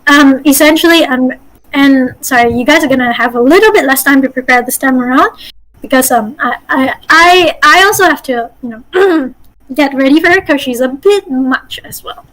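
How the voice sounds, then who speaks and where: A woman game master runs a casual workshop with a high voice. She is chatty and encouraging. She laughs often while giving players feedback. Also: moderate pace, fairly bright tone, poor audio. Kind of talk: casual teaching.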